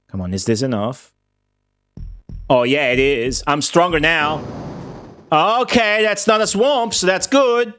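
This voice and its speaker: Excitable, foul-mouthed male game streamer. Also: fairly high pitch, unhurried, long pauses, faint music behind. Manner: swearing, excitable, talks to viewers. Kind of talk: casual gameplay commentary.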